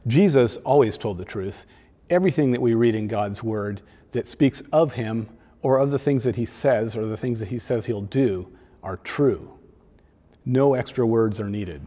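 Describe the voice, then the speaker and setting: A man, a children's pastor, preaching a sermon in a conversational, gently humorous way. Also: mid-range voice, normal speed, in a large hall.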